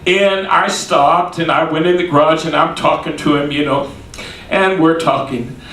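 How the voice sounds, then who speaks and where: A man's voice: on the high side, moderate pace, fairly bright tone. A man preaching a sermon, telling a story in a folksy way and acting out what people said. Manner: folksy, repeats "he said" while acting out quoted voices. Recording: echoey room, distant mic.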